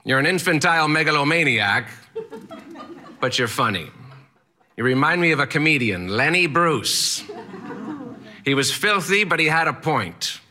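A man's voice: fairly high pitch, animated, normal speed, pauses often, pushed and bright, voice pushed up. A man voicing an old, eccentric male Latin teacher who is blunt and theatrical, with a haughty, exclaiming drawl. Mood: amused.

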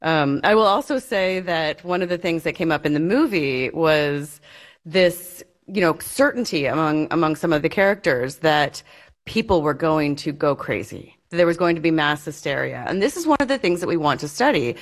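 A woman researcher explaining her work in an interview, quick and fluent with occasional fillers. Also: low-pitched, lively intonation. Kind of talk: conversational interview answer.

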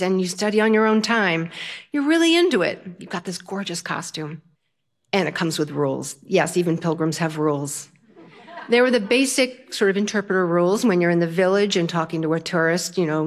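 An older woman telling a personal story in an animated way, often laughing as she talks. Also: fairly low pitch.

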